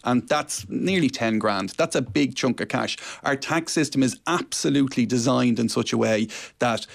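A man's voice: mid-range voice, moderate pace, vocal fry. Man explaining money matters emphatically. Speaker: personal finance commentator. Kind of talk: radio interview.

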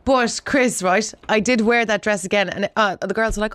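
A woman's voice: a little high, lively intonation, normal speed, few pauses, background noise. A woman co-hosting a radio show, chatting and reading out listener messages with laughter. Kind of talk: casual radio banter.

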